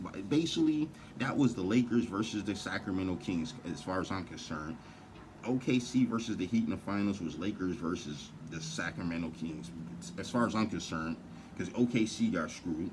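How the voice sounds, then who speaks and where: Man, low deep voice, heated rambling rant, profane, casual. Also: expressive, normal speed, darkish tone, a little hiss or hum.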